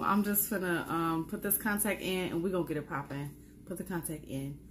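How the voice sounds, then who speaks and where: A young woman with a New York accent telling a casual storytime vlog, acting out her own reactions with squeals and talking in slangy, quick bursts. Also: lowish voice, slight background noise. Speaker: vlogger.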